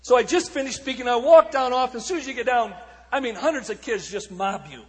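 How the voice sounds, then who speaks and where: A man preaching in a storytelling sermon style, swinging between shouted peaks and hushed passages. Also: extremely high pitch, expressive, a little fast, long reverb tail. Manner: dramatic, shifting from shouts to hushed tones. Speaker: evangelist speaker.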